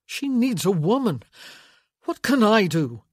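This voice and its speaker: An audiobook narrator voicing a young nobleman, grieving and panicked, speaking hoarsely and desperately. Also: medium pitch, expressive, moderate pace, dry recording, studio quality.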